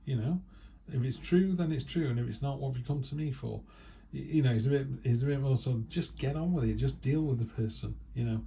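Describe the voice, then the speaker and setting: Very dark-voiced man reading tarot. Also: medium pitch, a little fast, creaky. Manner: chatty, acts out quoted remarks in other voices. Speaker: tarot reader. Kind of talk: casual spoken tarot reading.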